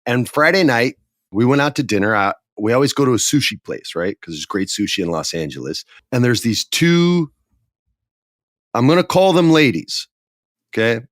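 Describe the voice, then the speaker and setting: A man's voice: mid-range voice, moderate pace, no echo, studio quality. A man telling a funny story in casual podcast chat, acting out the people in it. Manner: animated, acts out quoted voices.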